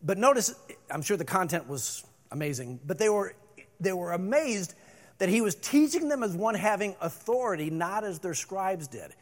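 A middle-aged male pastor preaching a sermon, moving between loud emphasis and hushed calm. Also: high voice, moderate pace.

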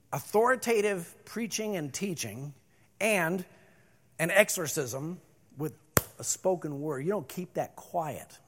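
A middle-aged male pastor preaching a sermon, moving between loud emphasis and hushed calm. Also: high-pitched.

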